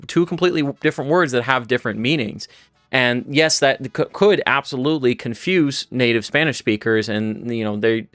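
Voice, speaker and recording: A man's voice: mid-range voice, fairly bright tone, clear, resonant tone, no room sound, clean studio sound. A man who is a native English speaker, teaching Spanish on a casual livestream, rambling and often restarting his sentences. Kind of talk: livestream lesson.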